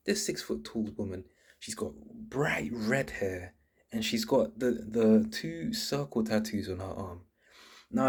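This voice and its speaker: A man's voice: on the low side, a little mellow, breathy edge. A man hosting his channel, explaining in a casual, earnest monologue full of restarts and repeated words. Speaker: channel host.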